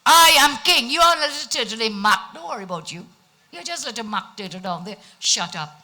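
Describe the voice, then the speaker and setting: Brief: woman storyteller doing a boastful Trinidadian turtle king, commanding and loud. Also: fairly high pitch, expressive, a little fast. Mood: dismissive. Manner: commanding, shouts orders.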